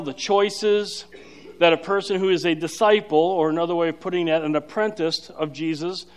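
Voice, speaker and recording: A man preaching a sermon, explaining scripture in an emphatic, energetic way with frequent fillers and restarts. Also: high voice. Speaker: pastor.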